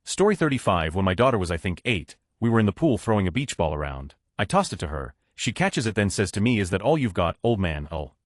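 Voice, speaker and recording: A man's voice: on the low side, big pitch swings, fast, few pauses, dry recording, clean studio sound. A man narrating online posts as a series of numbered stories. He reads them straight through and voices the children's quotes in his own voice. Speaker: narrator of a story channel.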